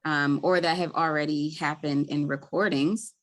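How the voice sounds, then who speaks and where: Brief: woman, Baltimore accent, lowish voice, easygoing webinar host on a video call. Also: fairly even intonation, moderate pace. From Maryland, US. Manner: friendly, chatty, many ums. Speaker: webinar host, community health worker. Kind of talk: casual webinar hosting.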